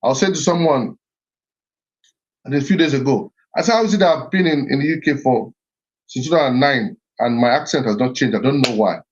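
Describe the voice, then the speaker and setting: A man's voice: mid-range voice, fairly quick. A middle-aged man giving an earnest, reflective talk on heritage and identity, often repeating himself and restarting phrases. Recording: slightly muffled recording.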